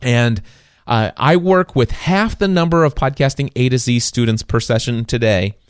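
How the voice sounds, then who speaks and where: A man's voice: medium pitch, normal speed, clean tone, no room sound. A man hosting his own podcast from a small studio, telling stories with enthusiasm and acting out quoted dialogue. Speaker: podcast host. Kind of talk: solo podcast monologue. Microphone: studio microphone.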